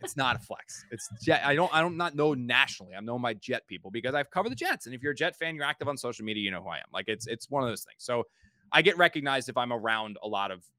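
A man's voice: mid-range voice, big pitch swings, fast, pushed and bright, dry recording. A man hosting a podcast in casual chat, rambling through stories and repeating his words. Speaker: podcast host and sports reporter.

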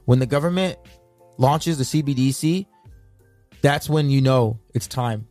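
A man's voice: mid-range voice, a little slow, darkish tone, dry recording, faint music behind. A man co-hosting a casual talk show, emphatic and repeating his points to drive them home. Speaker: podcast co-host. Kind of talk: casual chat.

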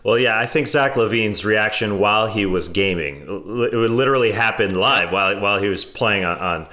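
Low-voiced man hesitating through analysis. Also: a little fast, pushed and bright. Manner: hesitant, many fillers and restarts. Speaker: sports panelist. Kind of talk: casual basketball discussion.

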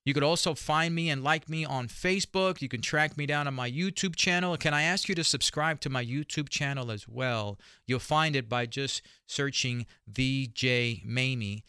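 Male radio host with an accent, encouraging and upbeat, bright and smooth-toned, dry studio sound. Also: mid-range voice, normal speed, hardly any pauses, no echo. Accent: noticeable accent. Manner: upbeat, encouraging, repeats his appeals. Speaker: radio talk show host. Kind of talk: radio talk show monologue.

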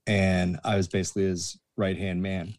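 Low-voiced and speaking at a normal speed, a man who used to be a promoter's assistant joins as a guest. He animatedly recounts a casual backstage story, performing the voices of those he quotes.

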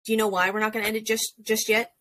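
A woman co-hosting a podcast, chatting in a bubbly, excitable way. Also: fairly high pitch, rapid-fire. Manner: bubbly, exclaims and restarts often. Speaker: podcast co-host. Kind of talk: casual podcast chat.

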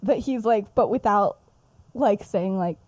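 Giggly young woman, dark mellow voice. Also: mid-range voice, unhurried, no echo. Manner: animated, giggly, acts out the characters' lines. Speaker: podcast co-host. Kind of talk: casual chat, retelling her own story.

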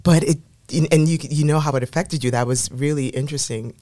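A woman's voice: deep voice, fairly quick, dark tone, dry recording, clean studio sound. A woman guest on a podcast talking casually, chatty and full of fillers and restarts. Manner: chatty, many fillers and restarts, laughs often. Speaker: podcast guest, innovation lead. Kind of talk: casual interview talk.

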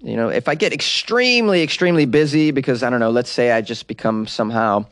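A man's voice: mid-range voice, animated, fast talker, a bit bright, dry recording, clean studio sound. A man, a comedian, hosting his podcast in a chatty, upbeat, rambling monologue.

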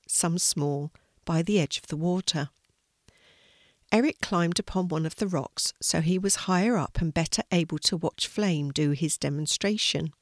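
Slow older woman reading a story. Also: on the low side, no room sound, clean studio sound.

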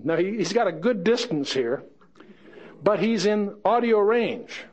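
A man's voice: high-pitched, expressive, unhurried, darkish tone. A man teaching verse by verse through a Bible passage, chatting with joking asides and reading the scripture quotes dramatically.

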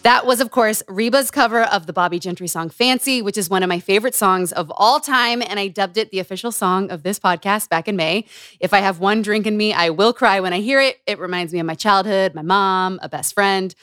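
A woman's voice: medium pitch, brisk, a bit bright, smooth, no room sound, clean studio sound, faint music behind. A woman hosting a podcast in casual chat, chatty and bubbly, laughing often. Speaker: podcast host.

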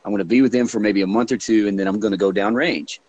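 A man in his thirties telling a story in a relaxed, unhurried way. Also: fairly low pitch, no echo, highs cut off. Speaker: podcast guest, Navy veteran. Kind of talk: casual storytelling.

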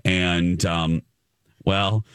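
A man's voice: extremely slow, clear, resonant tone, no room sound, clean studio sound. A man hosting a casual chat about TV, teasing his co-hosts in a playful manner. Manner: animated, playful teasing, jumps high in pitch. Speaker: show host.

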